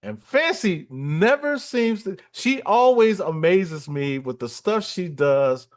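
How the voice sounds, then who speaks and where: A man's voice: high-pitched, expressive, takes it slowly. A man hosting a music livestream, talking in a chatty, upbeat, rambling way. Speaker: livestream host. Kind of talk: casual livestream chat.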